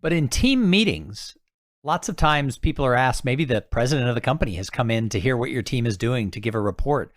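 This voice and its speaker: Lively male podcast host, dry sound. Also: medium pitch, fairly quick, no room sound. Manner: conversational, relates personal anecdotes. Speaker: podcast host, professional speaker. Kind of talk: podcast interview.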